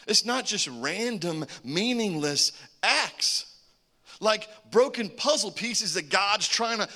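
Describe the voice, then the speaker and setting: A man preaching a sermon, animated, with joking asides and swings between loud calls and hushed remarks. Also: on the high side. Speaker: pastor.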